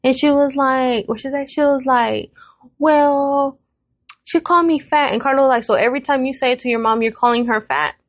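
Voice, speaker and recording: A high-voiced woman in her thirties races through a family story on her podcast, barely pausing. The co-host swears freely and acts out each person's lines in an animated retelling. The sound is lo-fi with no echo.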